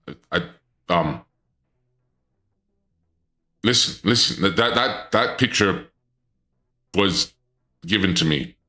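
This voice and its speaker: A man chats on a livestream in the guise of a dark lord. His voice sits on the low side but has a bright, forceful edge. He sounds flustered and indignant, stammering through restarts and jumping into high-pitched outbursts, with faint music behind him. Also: lively intonation, slow pace, pauses often. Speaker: streamer. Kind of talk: casual livestream chat in a dark lord persona.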